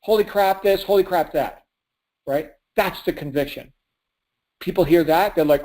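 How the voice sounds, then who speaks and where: A man's voice: high voice, moderate pace, pauses often, darkish tone. A man coaching a call as a motivational sales speaker, punchy and preachy, asking and answering his own questions and laughing often. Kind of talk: motivational call pep talk.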